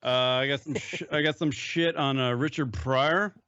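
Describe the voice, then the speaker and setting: A man's voice: medium pitch, steady tone, moderate pace, pushed and bright, smooth, dry recording. A man hosting a call-in radio show, talking loosely and swearing a lot. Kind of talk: casual profane chat. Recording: slightly dull lo-fi sound.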